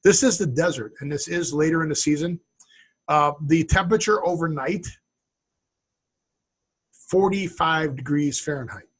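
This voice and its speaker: A man's voice: fairly high pitch, normal speed, long pauses, husky. A man co-hosting a casual podcast, rambling and joking, often derailing the talk. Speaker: co-host.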